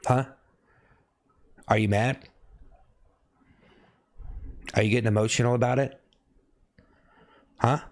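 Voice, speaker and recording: A male streamer who keeps prodding his viewers with the same mocking questions over and over. His voice sits at a middling pitch, and he suddenly breaks off into high yelps. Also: fairly even intonation, slow pace, long pauses. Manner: teasing, repetitive needling questions. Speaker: live streamer. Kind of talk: live stream chat banter.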